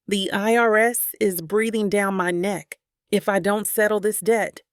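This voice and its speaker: Woman narrating as a wounded rich man, low measured delivery, gravelly edge, dry close sound. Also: steady tone, no room sound, lightly acted. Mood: earnest. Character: troubled wealthy man confessing a betrayal.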